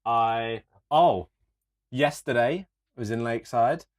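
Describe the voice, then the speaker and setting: A young man, co-hosting a casual podcast and telling stories in an animated, sweary rant. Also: mid-range voice, takes it slowly. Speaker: podcast co-host. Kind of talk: casual chat.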